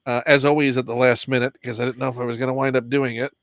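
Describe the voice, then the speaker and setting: A man hosting a casual chat while opening toys, with a lively, jokey way of talking. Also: mid-range voice, quick pace, no echo. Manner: lively, jokey, reads packaging aloud. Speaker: host.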